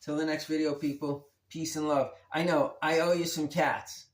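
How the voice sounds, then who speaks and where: A man's voice: fairly high pitch, level tone, moderate pace, reverberant. A man hosting his own guitar channel, talking in a laid-back, rambling and slangy way. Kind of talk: rambling casual vlog.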